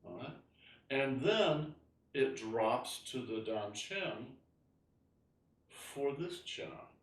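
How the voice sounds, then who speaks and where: A man's voice: medium pitch, lively intonation, slow, roomy sound, far from the mic. A man teaching an online tai chi class, explaining moves as he demonstrates and often asking "right?".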